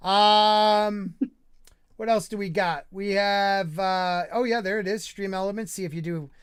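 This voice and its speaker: A man's voice: high-pitched, fairly even intonation, a little slow, clear, resonant tone, dry recording, studio quality. A man hosting a livestream podcast, joking around and reading out viewer chat in a rambling, casual way. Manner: jokey, rambling, reads chat aloud. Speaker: podcast host.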